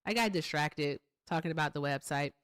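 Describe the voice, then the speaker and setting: A woman's voice: sits low, brisk, fairly bright tone, clear, resonant tone, no echo. Chatty, laughing livestream host woman. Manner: chatty, laughs often, swears freely. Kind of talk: casual live-stream chat, thanking donors.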